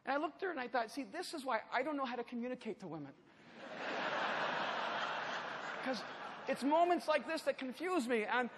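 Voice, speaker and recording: A man preaching at a conference, telling a personal story with humor and swinging from loud bursts to hushed, intense passages. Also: extremely high pitch, lively intonation, moderate pace, long pauses, background noise. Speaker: conference speaker. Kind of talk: storytelling sermon. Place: church auditorium. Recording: large hall with long reverb, faint ambience.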